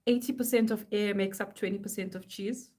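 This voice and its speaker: A woman's voice: mid-range voice, steady tone, a little fast, mellow. Playful woman chatting. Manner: playful, reads signs in a mock-serious chant. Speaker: artist live-streaming. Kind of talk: casual chat while making art.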